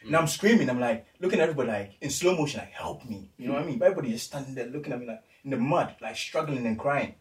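A young man from the UK telling a story in casual chat, animated and acting out what people said. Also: medium pitch, racing, few pauses. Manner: animated, acts out quotes, lots of slang fillers. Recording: roomy, distant mic.

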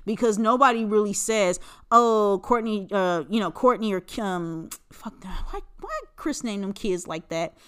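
Forties woman ranting on her podcast, smooth clear voice, cusses a lot, rambly, tons of likes and you knows. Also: medium pitch, a little slow, a bit bright. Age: 40s. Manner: blunt, profane, rambling gossip with many fillers. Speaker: podcast host. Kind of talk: casual solo podcast chat.

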